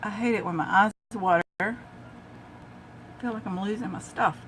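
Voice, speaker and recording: A woman's voice: mid-range voice, normal speed, a bit bright, slight background noise. Chatty older woman doing makeup. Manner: chatty, talks to viewers while applying makeup. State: coughing from a throat tickle. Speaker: makeup vlogger. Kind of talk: casual makeup tutorial.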